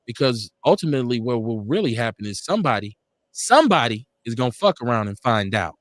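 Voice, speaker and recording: A man hosts a live online talk show, offering impassioned political commentary with fervent, profane, preacherly conviction and hammering points home through repetition. His medium-pitched voice is very animated and a little fast, with no room sound.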